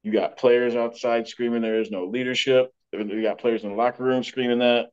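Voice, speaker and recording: A man's voice: medium pitch, fairly even intonation, moderate pace, smooth, highs cut off. A man co-hosting a casual sports podcast, blunt and full of restarts, hiccuping now and then. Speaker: podcast co-host.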